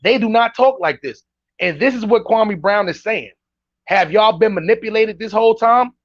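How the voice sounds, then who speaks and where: A man's voice: sits high, normal speed, no echo. A man giving casual, slangy reaction commentary, ranting emphatically as a vlog host. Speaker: commentary vlogger. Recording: dull dry lo-fi recording.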